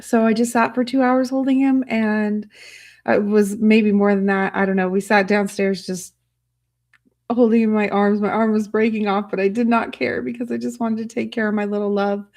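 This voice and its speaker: A woman hosting a casual livestream, talking softly and emotionally, rambling with many fillers and restarts while reading chat. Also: mid-range voice, flat delivery, moderate pace. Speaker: livestream host.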